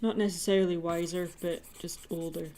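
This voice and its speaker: A woman's voice: on the low side, steady tone, a little fast, mellow, a little hiss or hum. A woman chatting casually about her drawing during an art livestream. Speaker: artist streamer. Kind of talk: casual chat while drawing.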